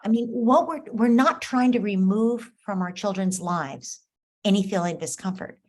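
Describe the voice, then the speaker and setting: A middle-aged woman coaching a parent, gentle and patient, often acting out the child's and parent's lines herself. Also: medium pitch, normal speed.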